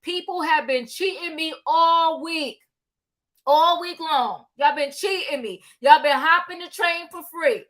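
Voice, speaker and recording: A woman with a high, bright voice hosts a live-stream talk show. She talks in a casual, animated way, calling out to viewers and drawing out her exclamations. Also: a little slow. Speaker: livestream host.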